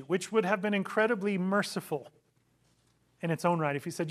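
A pastor with a high-pitched voice preaches a sermon at a moderate pace, telling a parable dramatically. He acts out quotes and poses rhetorical questions along the way.

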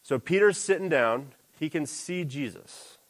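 A man preaching a sermon in a lively, animated way, jumping into character voices for quoted lines. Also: a little slow. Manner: animated, acts out quoted lines with big pitch jumps.

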